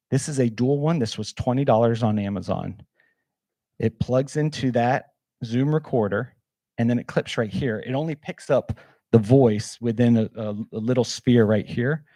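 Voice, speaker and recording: A man leads a workshop in a loose, energetic way, holding up gear as he talks and leaning on fillers. His voice is warm and mellow and sounds close and dry. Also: mid-range voice, no echo. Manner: casual, energetic, demonstrates gear, many fillers. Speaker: workshop presenter. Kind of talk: live workshop talk.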